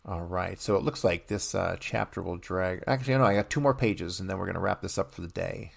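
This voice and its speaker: A man's voice: deep voice, brisk, vocal fry, breathy edge. A man reading a book aloud on a podcast, stopping now and then to comment bluntly.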